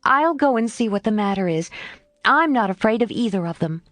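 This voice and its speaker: Woman doing a bold teenage girl, higher voice, eager, coaxing, animated. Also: brisk, no echo, soft background music, lightly acted. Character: lively tomboyish teenage girl, frank and bold.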